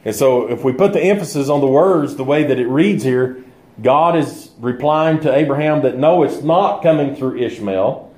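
A man's voice: medium pitch, normal speed, a little mellow. A man teaching a bible study in a conversational way, thinking aloud with fillers and restarts. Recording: echoey room.

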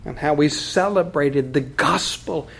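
A man with an East Texas Southern accent preaching a sermon as pastor, swinging from loud declarations to hushed tones and leading the congregation in call and response. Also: fairly high pitch, unhurried, gravelly, slightly rough.

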